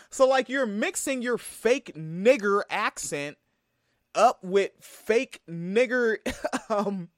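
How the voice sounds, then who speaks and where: A man from Tacoma gives profane reaction commentary, blunt and sarcastic. His pitch sits high and leaps around a lot. The close mic sounds dry, with no room around him. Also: no echo. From Tacoma, Washington. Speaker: commentary vlogger reacting to a sketch.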